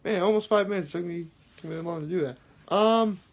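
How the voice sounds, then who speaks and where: A man with a noticeably high voice rambles through his daily vlog, circling back with fillers and restarts. He sounds earnest and a little self-deprecating, talking straight to his viewers. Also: brisk, gravelly, husky. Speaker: daily vlogger. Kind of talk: casual daily video talk.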